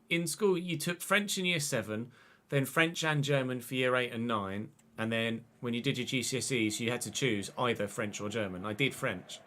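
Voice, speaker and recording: A man, chatting and commentating excitedly while streaming a football game. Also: mid-range voice. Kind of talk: live gameplay commentary.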